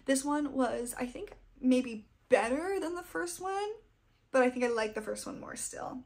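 A young adult woman, a book vlogger, chats casually through a wrap-up of books she's read, gushing like a fangirl. Her voice is high and unhurried, with a darkish tone.

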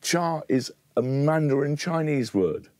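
A man's voice: on the high side, lively intonation, a little slow, a little mellow, no echo, clean studio sound. A man presenting a documentary in a playful, ironic way. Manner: playful, ironic, mock-grand. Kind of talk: witty documentary narration.

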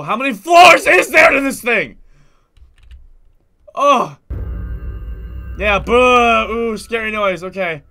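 A young man with a stuffy nose provides horror game commentary in a high, bright voice. His pitch swings widely as he drops to low, slow muttering and then bursts into sudden frightened yelps. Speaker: gaming video host.

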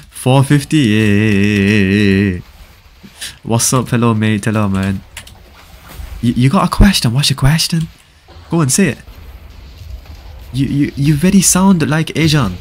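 A man's voice: medium pitch, lively intonation, normal speed, pauses often, slight background noise. A man hosting a casual live gaming stream, reading viewers' chat aloud, answering it and repeating short stock praise in a laid-back way. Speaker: livestream host.

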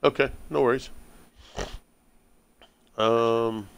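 An American man chats loosely while he builds in a game on a live stream. His voice sits at an ordinary middle pitch, and his talk is relaxed and full of easy laughter. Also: extremely slow, vocal fry, clear, resonant tone. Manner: relaxed, chatty, laughs often, talks to stream chat. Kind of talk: casual chat while gaming.

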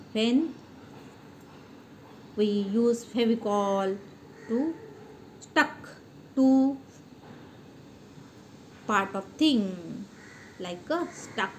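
A woman teacher talks very slowly and deliberately, pausing often while she explains a storybook to young children. Her voice sits a little high, and she asks questions and then answers them herself. A faint background hiss runs underneath. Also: low-quality recording.

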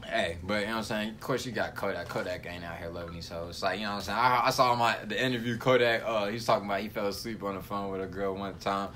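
A young man hosting a reaction video, talking in animated, slangy casual chat. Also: lowish voice, fast talker, hardly any pauses, a little hiss or hum. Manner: animated, slangy, keeps saying "you know what I'm saying".

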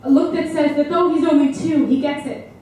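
A young mother performs a confessional one-woman monologue, swinging between exasperation and soft tenderness. Her voice sits high with a mellow tone. She sounds far from the mic in a very echoey space. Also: steady tone, a little fast. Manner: shifts from exasperated to hushed and tender. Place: stage or hall.

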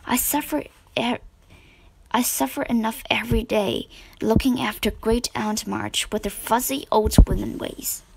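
A woman voicing a lively, blunt young sister in a storybook reading. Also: fairly high pitch, a little slow, gravelly, a little hiss or hum, poor audio.

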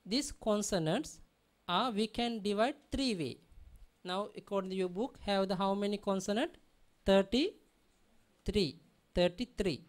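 A woman's voice: mid-range voice, normal speed. A woman teaching a language lesson, patiently repeating example words and checking that her students understand. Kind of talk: classroom lesson.

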